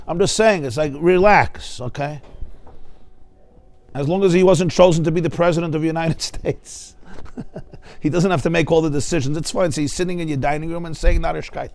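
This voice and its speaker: A man, a rabbi, giving a lively, joking Torah class in a study hall, acting out the people he describes. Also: fairly high pitch, a little fast. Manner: animated, joking, acts out voices of people he describes.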